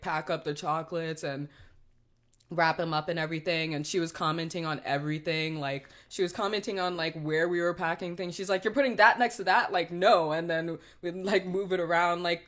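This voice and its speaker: A young woman in a casual chat, telling work stories in a rambling way, full of fillers and giggles. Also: on the low side.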